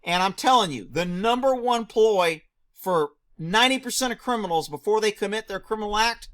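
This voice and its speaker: A man reacting to a news clip, firing off rhetorical questions, answering them himself and shouting mocking asides. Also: high voice, expressive, brisk. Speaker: video commentator; former police officer.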